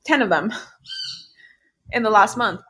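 A woman's voice: medium pitch, expressive, unhurried, bright, forceful tone. A young adult woman in casual chat, recounting a personal story candidly and heatedly, swearing often and leaning on filler words. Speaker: podcast co-host telling a personal story.

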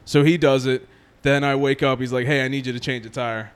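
A man's voice: medium pitch, brisk, clean tone. A young man casually telling a long story to friends, acting out what others said. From New Jersey. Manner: animated storyteller, acts out quotes, laughs often.

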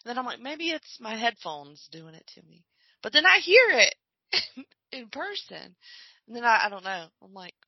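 A woman co-hosting a podcast, musing in casual chat while watching a film, often trailing off softly. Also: on the high side, very animated, normal speed, breathy edge, dry recording, highs cut off. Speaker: podcast co-host. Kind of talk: casual chat during a movie watch-along.

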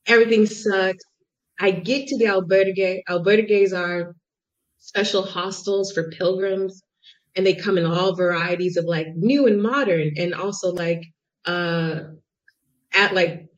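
A young American woman telling a travel story in a podcast interview, chatty and animated, full of "like" and acted-out quotes. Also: on the low side, a little slow. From United States. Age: young adult. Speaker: guest. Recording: muffled lo-fi audio.

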